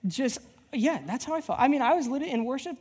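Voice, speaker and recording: This church-plant pastor has an extremely high, husky voice and talks at a quick pace. Mid-sermon, he shares a personal story in a lively, rambling way with lots of restarts, recorded with long hall reverb.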